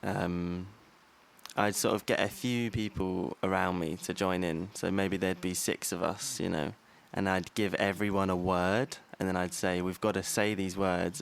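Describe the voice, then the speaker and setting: A man's voice: deep voice, vocal fry. A young man co-hosting a podcast, chatty and swearing freely as he tells stories. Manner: chatty storyteller, swears freely, laughs often. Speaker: podcast co-host. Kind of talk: casual chat.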